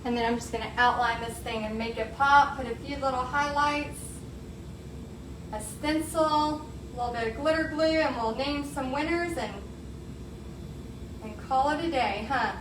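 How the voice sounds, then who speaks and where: High-voiced texas gal chatting thru a painting tutorial, echoey room. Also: female voice, normal speed. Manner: upbeat, chatty, talks to viewers as "y'all". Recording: echoey room, faint background noise.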